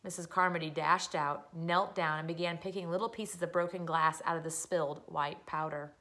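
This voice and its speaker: A woman reading a children's story aloud, expressive and storytelling. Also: deep voice, normal speed. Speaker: reader.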